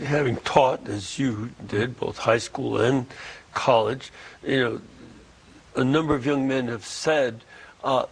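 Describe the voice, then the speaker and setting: Older husky man, slow and halting. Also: medium pitch, rough recording. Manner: slow, halting, with many restarts. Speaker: interviewer, former teacher. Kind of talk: interview conversation.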